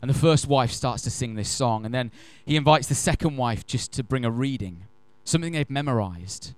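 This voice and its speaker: A man preaching a sermon. He tells stories in an animated, emphatic way and slows down to stress key phrases. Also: medium pitch, dry recording. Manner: animated, emphatic storyteller who acts out quotes. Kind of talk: sermon with storytelling.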